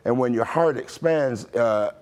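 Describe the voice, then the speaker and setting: An older American man spins stories from his playing days at an easy, relaxed pace. He chuckles often and fills his speech with "you know" and restarts. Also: medium pitch, unhurried. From Toledo, Ohio, USA. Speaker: former pro basketball player, guest. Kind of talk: casual interview storytelling.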